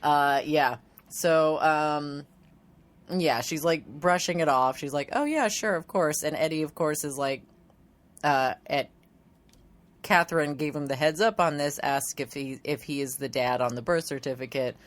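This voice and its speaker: A woman co-hosting a podcast, recapping a show in relaxed, giggly casual chat. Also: low voice, a little slow. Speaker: podcast co-host.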